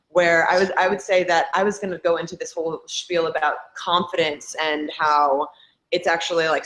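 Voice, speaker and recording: A woman's voice: sits low, fairly bright tone, poor audio. A woman in her thirties speaking on a panel, reflective and earnest, building her points through repetition. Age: 30s. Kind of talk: casual panel discussion.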